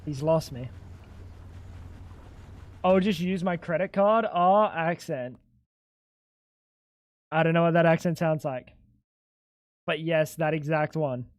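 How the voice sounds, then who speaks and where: A man's voice: fairly high pitch, takes it slowly, long pauses, no echo. A young man livestreaming a game, chatting casually and joking back at his chat. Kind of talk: casual gaming stream chat.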